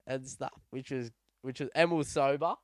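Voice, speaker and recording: A man's voice: mid-range voice, fairly even intonation, normal speed, no room sound, studio quality. A young man telling a story in a casual podcast chat, laid-back and often laughing. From Australia. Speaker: podcast co-host.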